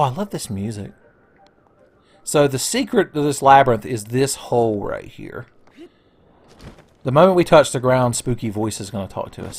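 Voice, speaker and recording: A man's voice: medium pitch, darkish tone. A young man giving casual, joking gameplay commentary, rambling and swearing, with faint game music behind. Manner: joking, profane, rambling, with silly voices. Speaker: let's play commentator.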